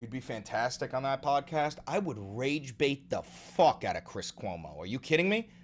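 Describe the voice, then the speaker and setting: Man, livestream host, casual commentary, profane, rapid ranting. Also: mid-range voice, sing-song.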